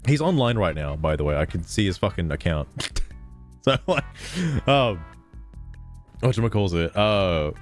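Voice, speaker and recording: A man streaming live, chatting casually in an animated, profane way, his throat strained. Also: sits low. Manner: animated, profane, laughing often.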